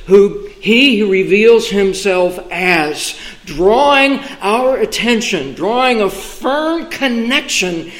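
A man preaching from the pulpit, his voice sitting high and unhurried. He spaces his words with deliberate, emphatic pauses. The sound carries the echo of a church room. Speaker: pastor. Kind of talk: sermon. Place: church sanctuary.

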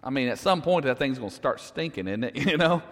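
A man's voice: medium pitch, lively intonation, brisk, fairly bright tone, in a large hall. A man preaching a sermon, telling a story in a conversational way and putting questions to the congregation. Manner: conversational, asks the audience questions, chuckles.

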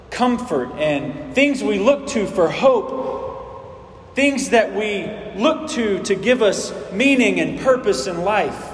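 A man delivers a sermon in a relaxed, conversational way, tossing rhetorical questions at his listeners and restarting phrases as he goes. His voice sits a little high for a man. The sound is roomy, with a long reverb tail from the church hall. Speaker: pastor.

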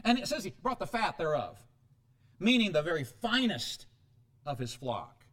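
A middle-aged pastor preaching with a high, lively voice. He swings from hushed asides to sudden loud outbursts, his pitch leaping and dropping as he drives each point home. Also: normal speed. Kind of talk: sermon.

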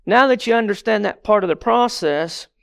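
A middle-aged man delivering a conversational sermon as a lay member of his church, speaking earnestly and directly to the congregation. His voice sits a little high and sounds smooth and clear, recorded close and dry. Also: normal speed, no echo.

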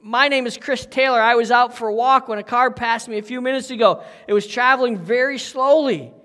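A man's voice: extremely high pitch, fairly quick, sharp tone. A man reading as a breathless young man in an echoey hall. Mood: urgent. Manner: breathless, talks in a rush. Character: anxious young man fleeing a crime scene.

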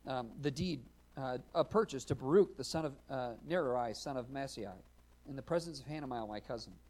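A male pastor preaching a sermon, earnest and explanatory, rising to loud emphatic readings of scripture. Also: mid-range voice, a little fast.

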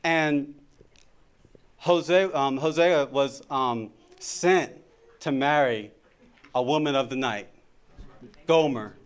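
A man's voice: a little high, smooth. Middle-aged man preaching, chatty and repetitive. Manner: conversational, repeats words often. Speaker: married man giving a church talk. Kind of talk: informal sermon testimony.

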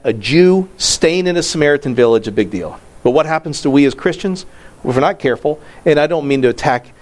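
A male pastor preaching a casual, story-driven sermon, acting out the people he quotes, his voice leaping up and then dropping low. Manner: animated storytelling, voice jumping high and dropping low.

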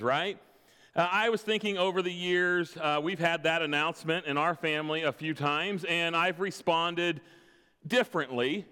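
A man's voice: on the high side, clear, resonant tone. Man preaching with a story-telling touch. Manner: storytelling, self-deprecating humor with quiet laughs. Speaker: pastor. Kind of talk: sermon with personal stories. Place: church sanctuary. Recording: long reverb of a large hall.

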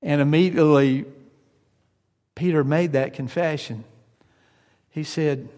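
A man's voice: a little high, unhurried, long pauses, a little mellow, in a large hall. A male pastor preaching a sermon. He hesitates often with fillers, then builds to emphatic points.

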